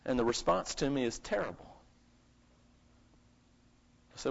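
A man preaching a live sermon at a church service, swinging between loud emphatic bursts and quiet asides and asking the congregation questions. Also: mid-range voice, expressive, unhurried, gravelly, slightly rough. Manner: asks the congregation rhetorical questions. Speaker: pastor. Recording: lo-fi dull recording.

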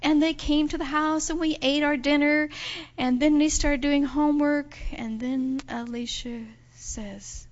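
A woman with a high voice tells a children's story in a church, swinging her pitch up and down as she acts out each part. The sound is dull and carries a long hall reverb. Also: a little slow. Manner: expressive, acts out voices with big pitch jumps. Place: church sanctuary.

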